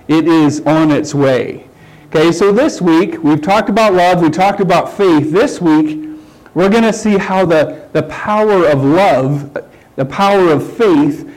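A man's voice: a little high, darkish tone, low-quality recording. A middle-aged man preaching a conversational sermon, checking in with "okay" and "right?" as he explains. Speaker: pastor.

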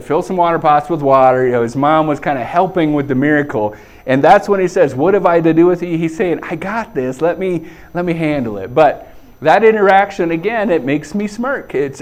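Middle-aged male pastor, fairly high voice, relaxed and chatty preaching style. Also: fairly quick. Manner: conversational, chuckling, says "okay" often. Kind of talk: sermon.

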